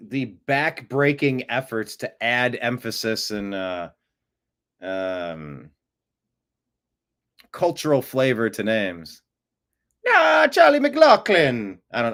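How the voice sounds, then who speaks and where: A man's voice: fairly low pitch, normal speed, hardly any pauses, a bit bright. A man hosting a news commentary show, talking casually with an amused, rambling manner and frequent restarts. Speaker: show host.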